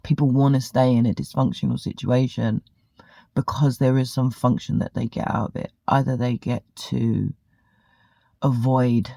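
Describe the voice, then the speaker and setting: Gravelly woman telling a story. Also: very deep voice, fairly even intonation, moderate pace, mellow, no echo. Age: 40s. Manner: candid, profane, chatty with fillers. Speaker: vlogger. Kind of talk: casual storytelling monologue.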